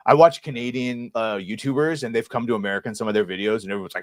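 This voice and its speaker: A man hosting a casual live podcast chat, joking and playful, swinging between loud and soft. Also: mid-range voice, very fast, hardly any pauses, dry recording, studio quality. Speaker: podcast host.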